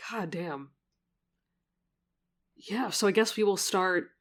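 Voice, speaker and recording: A young woman commenting casually on a game she is playing, excitable and swearing freely. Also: on the low side. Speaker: let's play host.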